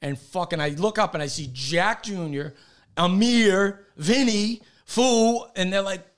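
Profane, animated male comedian telling stories. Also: high voice, measured pace. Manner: profane, animated storyteller acting out voices. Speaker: stand-up comedian. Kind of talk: casual storytelling chat.

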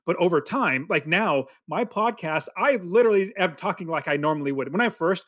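A man hosting a podcast talks with a lot of energy in a chatty, upbeat way. His voice sits a little high for a man and is recorded dry and close, with no room echo. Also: expressive, brisk, a bit bright. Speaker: podcast host. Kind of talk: casual podcast conversation.

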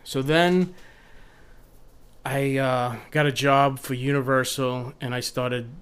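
Male TV producer guest, mid-pitched, rambling anecdotal delivery with acted-out quotes. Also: slow pace, clear, resonant tone. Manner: rambling, animated storyteller who acts out quotes. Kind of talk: casual podcast storytelling.

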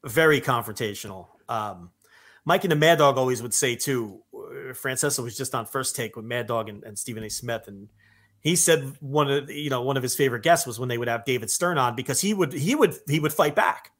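A man co-hosting a casual podcast who talks in a relaxed way, swears casually and lets his sentences trail off. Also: mid-range voice, fairly quick. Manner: laid-back, swears casually, trails off softly. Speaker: podcast co-host. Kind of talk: casual chat.

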